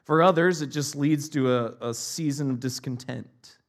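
A male pastor preaching a sermon, swinging between loud impassioned cries and hushed, almost whispered lines. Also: mid-range voice, normal speed.

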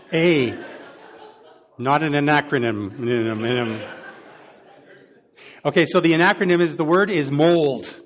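A man preaching a sermon in a conversational way, adding lively sound effects to his examples. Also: on the high side. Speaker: pastor. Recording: long hall reverb.

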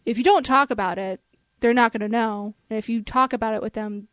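A woman co-hosting a casual podcast chat, quick to chime in and laugh along. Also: a little high, fairly bright tone, clean tone, no room sound.

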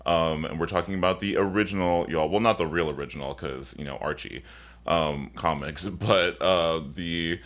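A man's voice: low-pitched, normal speed, fairly bright tone. A man hosting a podcast, chatty and effusive, with casual slang. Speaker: podcast host. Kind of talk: casual interview talk.

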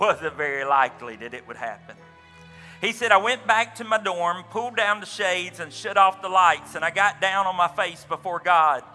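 In a large hall, a pastor with a high, sharp-toned voice preaches a sermon. He tells a story by retelling another man's account, complete with quoted dialogue and folksy asides.

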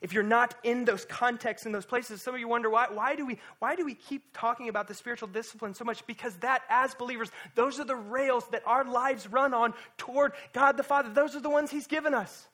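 A man pastor delivering a sermon at a church service, impassioned, swinging between hushed and loud emphasis and repeating words for weight. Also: very high-pitched, brisk, few pauses.

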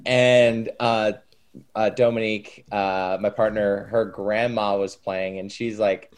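Man telling a story, halting and laughing. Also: lowish voice, steady tone, smooth. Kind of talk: casual storytelling chat.

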